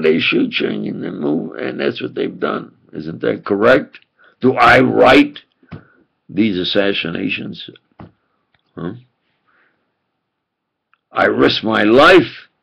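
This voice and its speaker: A man's voice: lowish voice, lively intonation, slow, vocal fry, long pauses, slightly rough. An older man with a New York accent, a preacher delivering a rambling, emphatic monologue to the camera. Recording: dull lo-fi recording.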